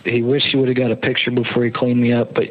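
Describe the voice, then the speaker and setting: A man, a guest telling his own survival story, talking in a halting way with many repeated words. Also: medium pitch, level tone. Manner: halting, repeats words, acts out shouted quotes. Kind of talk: emotional first-person storytelling. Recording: narrow phone-line sound.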